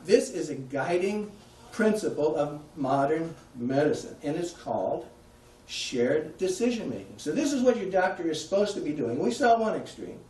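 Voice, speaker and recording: A man's voice: fairly high pitch, sing-song, moderate pace, a little mellow, distant mic. A man giving a conversational public talk, putting questions to his audience. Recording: echoey room, heard from afar.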